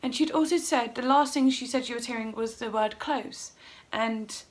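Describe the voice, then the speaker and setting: Middle-aged woman vlogger, fairly high voice, casual and emotional, retells events by acting out what was said. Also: normal speed. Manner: emotional, rambling, acts out her own quotes. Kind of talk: casual storytelling vlog.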